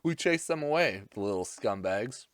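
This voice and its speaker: A man's voice: fairly low pitch, expressive, moderate pace, a bit bright, no echo, studio quality, pitched below the performer's own voice. A man voicing petty, indignant male townsfolk with a whiny manner, in a casual cartoon recap.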